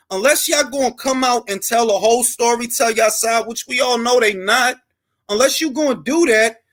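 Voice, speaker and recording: A man's voice: very high-pitched, fairly bright tone. A man hosting a boxing talk stream, giving heated, profane, emphatic commentary with lots of repetition. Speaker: boxing content creator and host.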